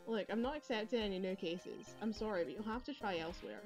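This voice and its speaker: A woman's voice: mid-range voice, fast, faint music behind, natural voice. Woman reading as a weary young male lawyer. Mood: dry.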